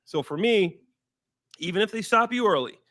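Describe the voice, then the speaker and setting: In his thirties and formerly a pro football player, this guest breaks down recent games in a relaxed but emphatic conversation, often repeating points for stress. His voice is high for a man, and the recording sounds dry and close-miked. He speaks at a moderate pace.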